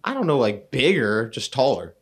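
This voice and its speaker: A man's voice: medium pitch, sing-song, normal speed, slightly rough. A man co-hosting a podcast in casual chat, asking laid-back questions.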